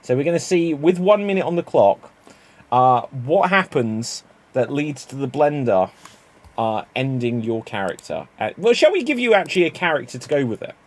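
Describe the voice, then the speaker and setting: Male improv host, chatty and rambling, mid-pitched voice. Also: very animated, moderate pace. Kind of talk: casual livestream hosting.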